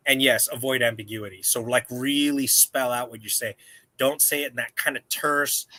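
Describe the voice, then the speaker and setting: A man's voice: medium pitch, steady tone, normal speed, pushed and bright, no room sound. A man hosting a casual live-stream chat, rambling and joking with viewers. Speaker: host.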